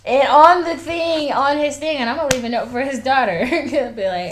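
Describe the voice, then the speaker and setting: A woman's voice: high-pitched, normal speed, hardly any pauses, noisy background. A sleepy woman co-hosting a podcast, telling stories with laughter in casual chat. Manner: laughing, animated storytelling. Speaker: podcast co-host.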